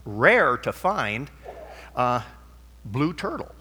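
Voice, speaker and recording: A man's voice: mid-range voice, big pitch swings, drawn-out words, sharp tone, husky, exaggerated voice. A man voicing a bartender who explains a game hesitantly. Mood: explaining. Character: bartender running a dart game. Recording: long hall reverb.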